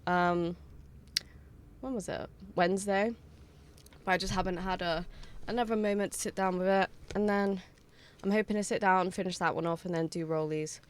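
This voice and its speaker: A woman streamer with a lowish voice chats casually on her live stream, greeting viewers one by one in a steady, smooth tone at a moderate pace while sounding tired. She's on a streaming mic and wearing headphones, with faint chill music playing behind her.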